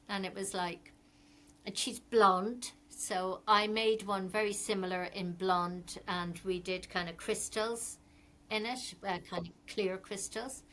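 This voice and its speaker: A woman's voice: mid-range voice, a bit bright. A middle-aged Irish woman, a fashion designer, chatting as a podcast guest and telling rambling stories with many ums. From Ireland. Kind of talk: casual interview chat.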